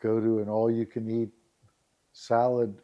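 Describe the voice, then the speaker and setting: A man's voice: fairly low pitch, little pitch movement, unhurried, highs cut off. Give me a man telling chatty anecdotes on a podcast, laughing often. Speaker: podcast guest. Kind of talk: casual storytelling chat.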